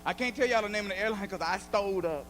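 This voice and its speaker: A man doing a stand-up comedy set, telling stories loudly and acting out the voices of the people in them. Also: sits high, fast, slight background noise, rough recording. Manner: loud animated storytelling, acts out voices. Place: comedy club stage.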